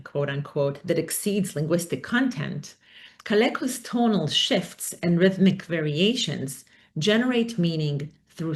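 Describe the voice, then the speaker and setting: A woman giving an academic talk, thoughtful and hesitant, with many fillers. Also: low-pitched. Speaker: academic speaker. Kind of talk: conference talk.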